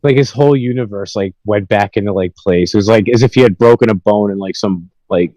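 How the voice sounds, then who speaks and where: A man's voice: on the low side, a little fast, mellow, dry recording, lo-fi sound. A man hosting a podcast, telling rambling, profane stories about his pranks in a casual chat. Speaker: podcast host.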